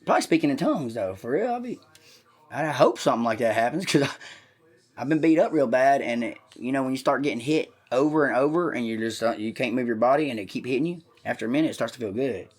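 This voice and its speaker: A man rambles through crude comic stories on a podcast, swearing freely. He drops into quick voices for the people in his tales. His voice sits at a middling pitch. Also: lively intonation, breathy edge. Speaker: podcast co-host. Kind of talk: crude comedic storytelling.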